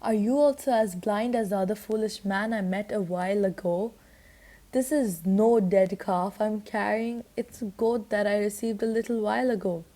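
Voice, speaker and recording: An indignant, proud priest who snaps out sharp, exasperated questions, as a woman reading a storybook puts him on. The tone stays mellow and soft-edged even when he is irritated. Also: medium pitch, moderate pace, close to an everyday voice.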